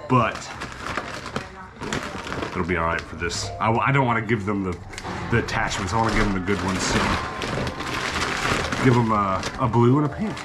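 A man's voice: lowish voice, normal speed, pauses often, very noisy. A man chatting casually in a home vlog, talking to camera and to a small child as he sets up game gear. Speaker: vlogger.

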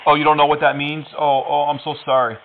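A man prank-calling with a mocking, taunting tone and mock innocence. His voice sits a bit high and comes through a narrow, tinny phone line. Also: level tone, fast talker, a little hiss or hum. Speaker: prank caller.

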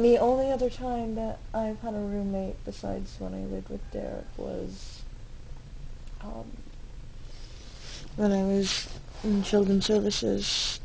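A woman's voice: medium pitch, creaky, warm tone, a little hiss or hum, low-quality recording. A young woman recording a casual video diary in her dorm room, rambling and candid, with frequent fillers and self-corrections. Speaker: vlogger.

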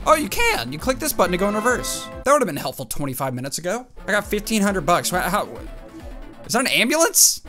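A man in his let's-play commentary, reacting with excitable outbursts and talking back at the game as he plays. His voice sits fairly high and swings up and down a lot. Game music plays clearly underneath him. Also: quick pace. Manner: excitable, talks to the game and himself, jumpy outbursts. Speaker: gaming YouTuber.

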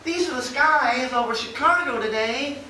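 A man putting on a high, singsong American accent to mock a soothing woman TV weather presenter. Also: normal speed, pushed and bright, heavily acted. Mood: falsely soothing. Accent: put-on American. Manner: mocking, exaggerated reassurance. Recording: roomy hall, far from mic, faint noise.

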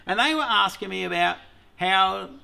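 Lively, bright-voiced Australian man. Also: sits high, normal speed, gravelly, smooth. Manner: rambling, swears freely, laughs often. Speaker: beekeeper host. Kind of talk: casual vlog chat.

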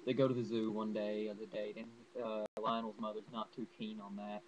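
A man's voice: fairly low pitch, level tone, normal speed, low-quality recording. A young man rambling enthusiastically through a casual horror movie review, full of fillers.

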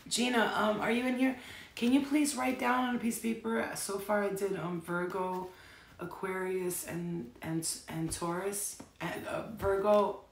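A woman's voice: medium pitch, fairly even intonation, unhurried. A young woman reading tarot on a casual stream, talking in a rambling, profane, chatty way. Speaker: tarot reader. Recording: echoey room with faint noise.

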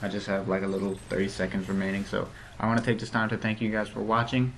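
A man's voice: fairly low pitch, completely flat delivery, quick pace, slight background noise. A man with a lisp giving rambling, casual commentary over his gameplay, full of fillers and restarts.

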